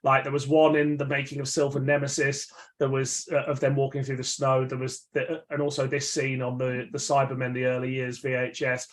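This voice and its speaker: A man's voice: medium pitch, monotone, brisk, hardly any pauses. A man co-hosting a podcast in casual fan chat, rambling with restarts and wry asides. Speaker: podcast co-host.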